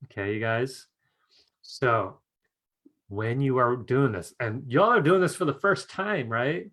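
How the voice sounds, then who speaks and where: Male host, mid-pitched, casual talker on a live class stream, keeps checking in with his viewers. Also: takes it slowly, fairly bright tone. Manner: chatty, keeps asking "right?" and "you guys", laughs often. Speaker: psychic development teacher hosting a live online class. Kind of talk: casual live-stream teaching with a told anecdote.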